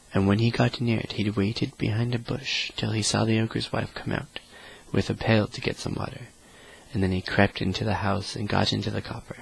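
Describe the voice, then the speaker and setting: A man reading a fairy tale aloud in a slow, flat, monotone way meant to lull listeners to sleep. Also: lowish voice, creaky, breathy edge, poor audio. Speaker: storyteller. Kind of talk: monotone bedtime story reading.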